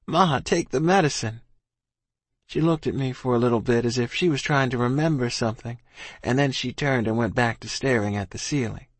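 A man narrating a story in first person, in an earnest, steady manner. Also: mid-range voice, brisk, dry recording. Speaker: audiobook narrator.

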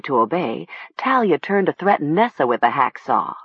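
An audiobook narrator reading a horror story with slow, expressive storytelling. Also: medium pitch, slightly rough, no room sound, dull audio.

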